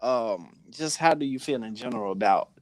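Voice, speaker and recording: A man's voice: medium pitch, lively intonation, normal speed, a little mellow, no room sound. A man hosting a casual group discussion, steering the talk back on topic and often repeating his words. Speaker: podcast host.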